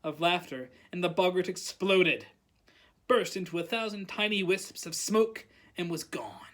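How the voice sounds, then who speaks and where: A librarian reading a novel aloud at storytime, animated and calling out the characters' lines. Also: mid-range voice, unhurried.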